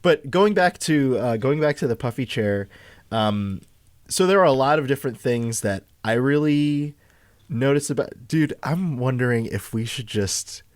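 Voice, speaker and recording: A man's voice: medium pitch, lively intonation, measured pace, dry recording. A man co-hosting a podcast, talking through a film in casual chat, rambling and full of fillers and restarts. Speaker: podcast co-host.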